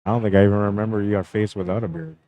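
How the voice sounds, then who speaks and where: On his own live stream, a laid-back young Canadian man commentates a pool match, calling shots and greeting viewers by name one after another. His fairly low voice moves very fast in loose, chatty commentary, and the recording is dry and of poor quality.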